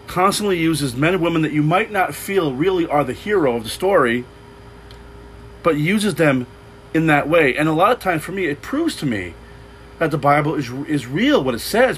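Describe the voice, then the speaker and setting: A man's voice: a little high, a bit bright, slight background noise, poor audio. A man preaching an unscripted sermon, loose and rambling, with frequent restarts and repeated words. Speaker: pastor.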